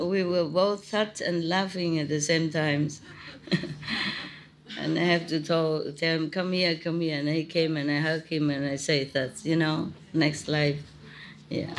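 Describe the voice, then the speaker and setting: A woman's voice: on the low side, a little hiss or hum. A woman spiritual teacher giving an informal talk, telling stories in chatty, simple English and laughing often.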